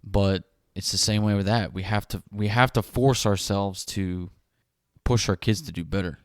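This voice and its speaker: A man's voice: fairly low pitch, fairly even intonation, moderate pace, no room sound, studio quality. A man, co-hosting a casual podcast, laughing and swearing as he reads out parenting tips. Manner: crude, laughing, reads text aloud. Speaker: podcast co-host.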